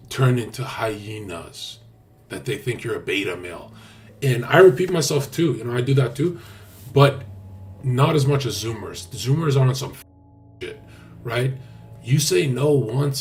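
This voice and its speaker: A man talking casually on a livestream, brash, boastful and profane. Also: medium pitch. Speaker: streamer.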